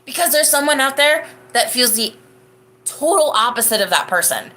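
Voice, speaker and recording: Bright-voiced chatty woman livestream host. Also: high voice, animated, normal speed. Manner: chatty, rambling, laughs often. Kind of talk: casual chat reading live comments.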